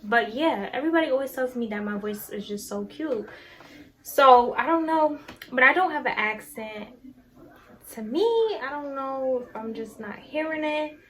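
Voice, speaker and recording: A teenage girl chats straight to camera in a confident, easygoing vlog voice. Her tone is bright and a little high, and she sounds warmly affectionate toward her viewers. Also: moderate pace, a little hiss or hum, poor audio. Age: teens. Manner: chatty and self-assured, affectionate to viewers. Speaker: vlogger. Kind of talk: casual vlog talk to camera.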